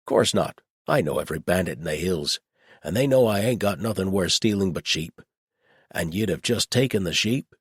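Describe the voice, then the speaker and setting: A man voicing a wary, gruff old male shepherd who speaks in blunt, clipped rural phrases. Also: low-pitched, lively intonation, moderate pace, dry recording, studio quality, pitched above the performer's own voice.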